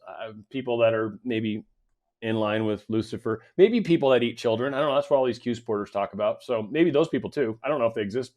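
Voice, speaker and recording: A man talks through the news in a loose, rambling way, full of sarcastic jabs and mocking asides. His voice sits at an ordinary middle pitch for a man. It comes across as an off-the-cuff political commentary show. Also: darkish tone.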